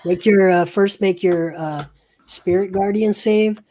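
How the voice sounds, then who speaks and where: Leading players through a tabletop session, a woman speaks slowly in a deep, low voice, unhurried and methodical. She requests saving throws, announces damage and paints the scene in a calm way.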